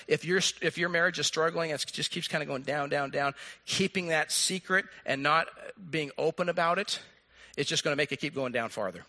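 A man preaching a sermon to his congregation, swinging from animated, acted-out lines down to a soft hush. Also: on the high side. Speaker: pastor.

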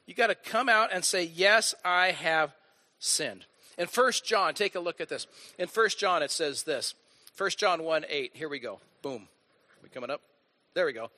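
Male pastor, middle-aged, bright slightly high voice, emphatic sermon delivery. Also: a little fast, no room sound. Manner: animated, emphatic preaching with rising bursts.

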